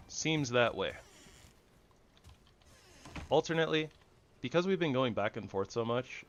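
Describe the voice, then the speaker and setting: A man giving goofy, rambling commentary over his own gameplay, jumping between loud excitement and soft mumbling. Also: mid-range voice, lo-fi sound. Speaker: gaming channel host.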